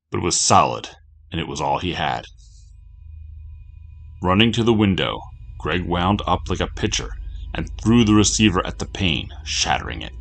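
A man with a very deep voice reads a scripted horror story. His delivery is low, measured and steady, with faint music sitting underneath. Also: vocal fry.

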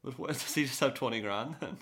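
A man's voice: medium pitch, a little fast, a bit bright. An Irish man co-hosting a podcast in casual chat, laughing as he talks. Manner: chatty, laughing often. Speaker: podcast co-host.

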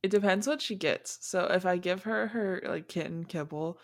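A woman hosting a podcast from home, chatting casually with plenty of fillers and lively stories about her cat. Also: fairly low pitch, moderate pace. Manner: chatty, filler-heavy, animated storytelling. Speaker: podcast host. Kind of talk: casual chat. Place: home, remote recording.

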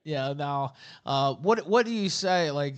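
Relaxed male stream host. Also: fairly high pitch, unhurried. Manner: relaxed, reads viewer messages aloud, laughs along. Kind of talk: livestream talk show.

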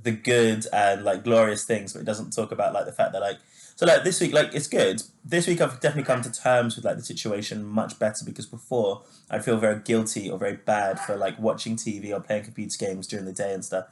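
A man's voice: fairly low pitch, quick pace. A man co-hosting a casual chat podcast, talking loosely with lots of fillers and laughing easily. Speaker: podcast co-host.

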